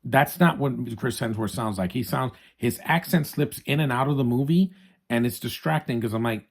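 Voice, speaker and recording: A man's voice: mid-range voice, normal speed, creaky. Chatty, opinionated man reviewing a movie. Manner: chatty, opinionated, frequent restarts, addresses viewers as guys.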